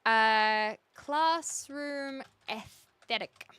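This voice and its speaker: Chatting easily with viewers, a young female streamer reads their comments and ponders aloud, unable to make up her mind. Her fairly high voice is smooth, with drawn-out words and no echo.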